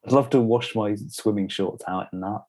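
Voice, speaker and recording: A man's voice: on the low side, moderate pace, a little mellow. A young adult man co-hosting a podcast, talking in a rambling, casual way full of fillers. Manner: rambling, filler-heavy banter. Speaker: podcast co-host. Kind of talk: casual chat.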